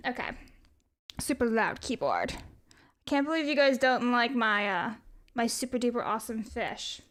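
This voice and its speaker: A woman's voice: a little high, lively intonation, moderate pace, fairly bright tone. A woman livestreamer chatting casually and reading viewer messages aloud. She rambles, jokes and swears freely. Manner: rambling and profane, reads chat aloud. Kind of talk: casual live stream chat.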